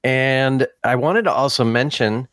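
Casually reading out listener comments, a man co-hosting a podcast chuckles softly and stumbles over many uhs and ums. He speaks a little slowly at medium pitch, with a fairly bright tone and no room sound.

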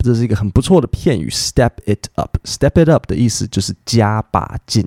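A man hosts a language podcast, explaining English phrases at a quick clip. His voice sits fairly low, with a dark, gravelly texture. The recording is dry and close. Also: big pitch swings, no echo. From Taiwan. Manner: brisk, explanatory, acts out quotes. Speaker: podcast host and English teacher.

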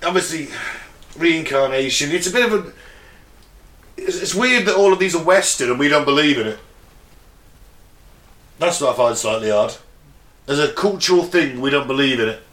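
This English podcast co-host has a bright, rather high voice with lively intonation, a normal pace and long pauses. Recorded in a room with echo, he chats casually, reading a case off his notes before riffing, laughing frequently alongside friends.

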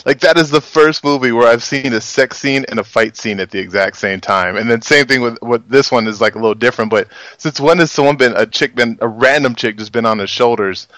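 A man's voice: medium pitch, brisk, hardly any pauses, no room sound, low-quality recording. A man talking casually as a guest on a movie review podcast, rambling loosely and trailing off with uncertain asides. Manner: relaxed, rambling, trails off with "I don't know".

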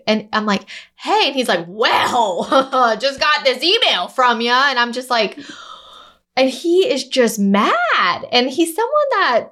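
A woman in her thirties, a real estate agent co-hosting a podcast, telling a story in lively casual chat and acting out both sides of a phone call. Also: mid-range voice. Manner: animated, acts out both sides of phone calls.

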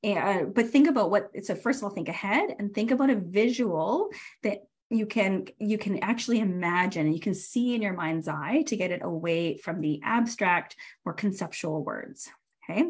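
A woman podcast host and coach giving a casual live training, chatty and animated, with lots of fillers, self-corrections and frequent laughs. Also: medium pitch, moderate pace, slightly rough.

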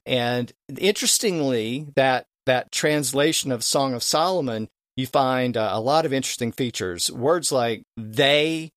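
A man's voice: medium pitch, no room sound, clean studio sound. A middle-aged man explaining word history in conversation, spelling words out letter by letter in a lecturing way. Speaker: language history guest.

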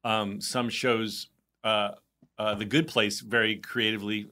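A man's voice: on the low side, level tone, a little slow, sharp tone. A man co-hosting a podcast in casual chat, joking and rambling with many fillers. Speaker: podcast co-host.

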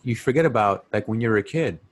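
A man's voice: on the low side, expressive, fast talker. A man chatting casually and easily about a movie, often repeating his points. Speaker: podcast co-host. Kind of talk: casual movie review chat.

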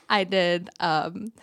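A woman's voice: on the low side, no room sound, clean studio sound. A young adult woman hosting a podcast, telling a story casually with frequent laughs. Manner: storytelling, laughs while talking. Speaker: podcast host. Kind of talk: casual chat.

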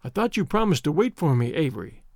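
A man reading aloud, voicing an earnest young man who speaks softly and with gentle reproach. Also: on the high side, sing-song, quick pace, vocal fry, dry recording, clean studio sound, full character voice.

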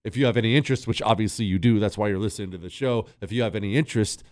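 A man hosting a political talk radio show, sarcastic and mocking, jumping between loud jabs and low asides. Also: very fast, no echo, studio quality.

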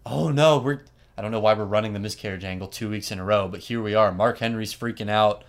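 Wry man recapping with animated storytelling. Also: fairly low pitch, fast talker. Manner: animated, wry, laughs often. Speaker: podcast host. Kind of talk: casual storytelling chat.

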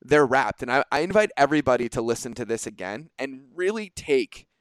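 A man hosting a podcast in casual conversation, energetic and animated, swearing freely and acting out quoted exchanges. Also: mid-range voice, fairly quick, clean tone, dry recording. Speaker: podcast host.

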